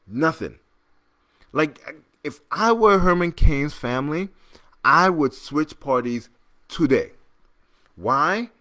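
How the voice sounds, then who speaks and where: A man hosting a podcast, giving casual political commentary in an animated, exasperated way, with frequent restarts. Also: fairly high pitch, slow pace, pauses often. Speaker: podcast host.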